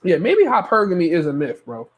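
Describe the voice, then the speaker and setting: A man's voice: high-pitched, huge pitch swings, brisk, highs cut off. A man hosting a stream and reacting to clips in casual commentary, blunt and profane, repeating himself and stumbling over his words.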